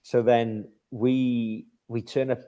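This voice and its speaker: A middle-aged British man, a former ice hockey captain, is a guest on a podcast, spinning hockey stories in a casual chat. His voice is medium-pitched, warm and flat, and he talks slowly, rambling, restarting often and laughing at his own tales.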